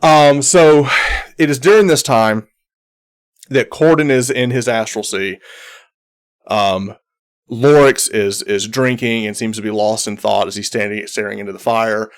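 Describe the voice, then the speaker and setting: A man narrating as game master of a tabletop game, talking in halting runs with many ums and restarts. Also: mid-range voice, clean tone.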